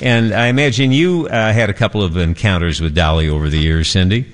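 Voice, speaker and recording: A male morning news anchor with a very low voice. He chats loosely through the segment, sprinkling in fillers as he hands off to a correspondent. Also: brisk. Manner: chatty, with frequent fillers.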